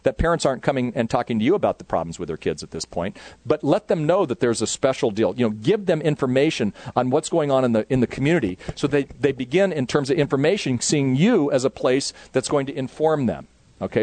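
Male youth ministry speaker, casual and rambling, with mid-range pitch and a dry close sound. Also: darkish tone, no room sound. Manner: casual, rambling, many fillers. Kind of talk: conference talk to youth workers.

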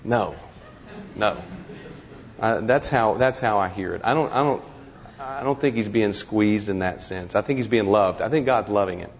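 A man talking through ideas in a reflective discussion, halting and restarting often. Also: on the low side, long reverb tail, muffled recording. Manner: halting, many restarts and repeated words.

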